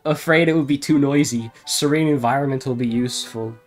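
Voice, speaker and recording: A man's voice: mid-range voice, a little fast, faint music behind. Man reading garbled game dialogue aloud. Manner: reads deadpan, breaks into laughter.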